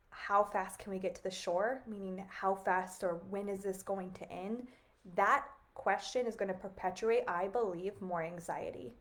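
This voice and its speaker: A woman, hosting a reflective spiritual livestream, talking earnestly in a musing, casual way full of "like" and small laughs. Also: medium pitch. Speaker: livestream host.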